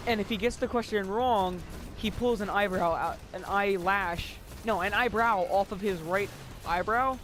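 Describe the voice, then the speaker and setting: A man's voice: sits high, normal speed, fairly bright tone, soft background music. A teenage boy telling a rambling school story in casual chat, giggly and casually swearing. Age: teens.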